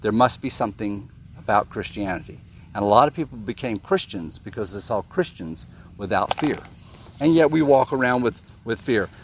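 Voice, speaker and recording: This preacher's sermon is informal and conversational: he reads scripture, puts questions to the audience, and repeats himself a lot. His voice sits on the low side with lively intonation at normal speed, and there's a slight hiss or hum.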